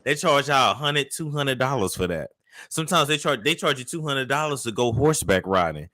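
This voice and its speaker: Bright, lively man co-hosting a gossip show. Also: mid-range voice, a little fast. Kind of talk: casual chat.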